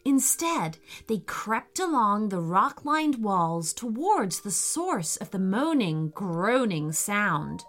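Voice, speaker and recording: A woman reading a children's story aloud in a gentle, expressive way. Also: a little high, slow, hardly any pauses.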